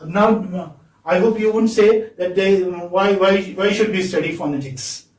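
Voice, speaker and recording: A male teacher, giving a phonetics lesson in a classroom and prompting students with repeated questions. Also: high-pitched. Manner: slow, drawn-out, coaxing students with repeated questions. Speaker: English teacher. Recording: echoey classroom from far off.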